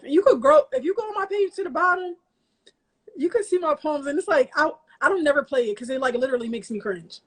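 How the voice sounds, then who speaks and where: A woman poet, a guest in an interview, telling her own story in a casual, lively, self-mocking way. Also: sits high, fast talker. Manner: lively, self-mocking, slips into quoted voices.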